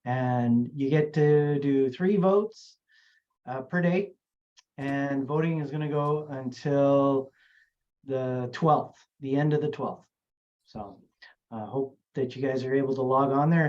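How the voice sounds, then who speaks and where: A man's voice: mid-range voice, a little mellow, highs cut off. A man casually announcing a contest vote, helpful and informal with lots of fillers. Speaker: calendar contest organizer.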